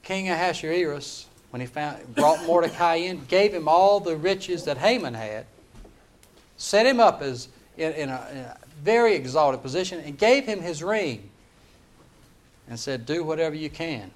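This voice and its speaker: A man preaching a sermon, retelling a story in an animated, dramatic way. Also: a little high, measured pace.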